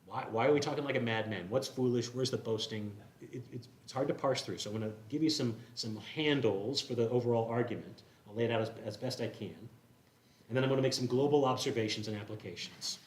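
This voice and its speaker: A man's voice: medium pitch, quick pace, roomy sound. A male pastor preaching a sermon in a church, explaining a passage in a conversational way and asking rhetorical questions. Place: church sanctuary.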